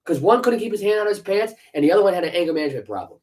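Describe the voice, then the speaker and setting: A man's voice: sits high, lively intonation, very fast, darkish tone, low-quality recording. A man co-hosting a sports podcast, ranting heatedly with profanity and sarcastic rhetorical questions. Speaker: podcast co-host. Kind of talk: casual sports podcast rant.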